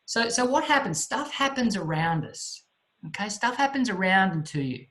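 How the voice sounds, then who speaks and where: A man giving a motivational talk, telling a story in an animated way with vivid sound effects. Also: high-pitched, normal speed, rough recording. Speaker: motivational speaker.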